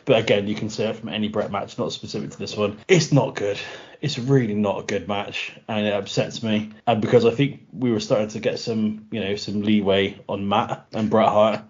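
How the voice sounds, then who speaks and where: A man co-hosting a podcast, chatting enthusiastically and laughing often as he retells scenes. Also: lowish voice. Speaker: podcast co-host. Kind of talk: casual podcast review chat. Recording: slightly dull podcast audio.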